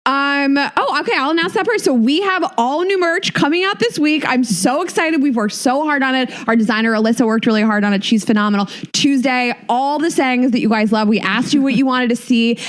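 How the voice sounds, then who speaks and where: A woman's voice: high-pitched, a little fast, few pauses. A woman co-hosting a podcast in casual chat, upbeat and gushing, with lots of "like" fillers. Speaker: podcast co-host.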